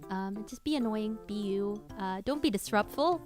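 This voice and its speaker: A woman's voice: medium pitch, moderate pace, a little mellow, soft background music. A woman VTuber streamer giving casual singing tips to her chat, loose and full of fillers. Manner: chatty, loose, many fillers and restarts. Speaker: VTuber streamer and cover singer.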